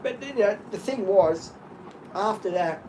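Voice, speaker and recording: A middle-aged Australian man rambling through animated stories in casual chat, often laughing. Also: high-pitched, moderate pace, background noise.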